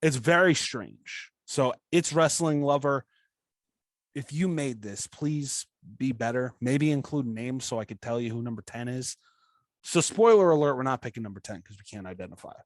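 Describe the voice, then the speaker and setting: A man's voice: mid-range voice, animated, normal speed, dry recording. A young man co-hosting a podcast, chatting casually in a jokey, rambling way. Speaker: podcast co-host.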